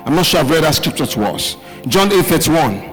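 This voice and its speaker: A male pastor preaching a live midweek sermon, calling out questions for the congregation to answer and shouting key words. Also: fairly high pitch, big pitch swings, fairly quick. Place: church hall with live congregation. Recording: live hall recording, reverb, faint music.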